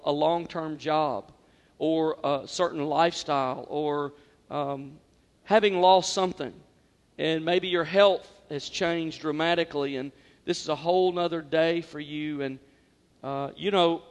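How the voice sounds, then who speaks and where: A man delivering a sermon in a church, his voice pitched high for a man. He speaks in a heartfelt, conversational way, often repeating himself and restarting sentences. A long hall reverb trails after his words. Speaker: pastor. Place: church sanctuary.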